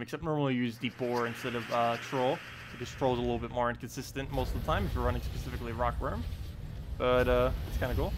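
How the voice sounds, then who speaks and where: A man streaming a video game, chatting quickly and casually about his moves with a self-mocking tone. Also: medium pitch, background noise. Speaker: gaming streamer. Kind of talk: casual gameplay commentary. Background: faint game music.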